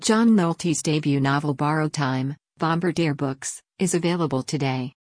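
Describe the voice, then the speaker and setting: A woman reading an opinion column aloud in an even, flat manner, with dry sarcastic asides. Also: low voice, normal speed, no room sound. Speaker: article reader.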